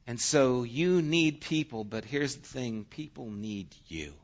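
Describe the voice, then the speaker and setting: A middle-aged man preaching a conversational sermon as a pastor, swinging from loud emphasis to hushed asides. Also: mid-range voice, expressive, slow, dull audio.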